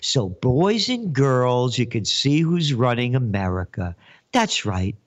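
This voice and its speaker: A man's voice: medium pitch, very animated, takes it slowly. A man hosting a commentary show, ranting sarcastically with mocking asides and wordplay. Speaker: host.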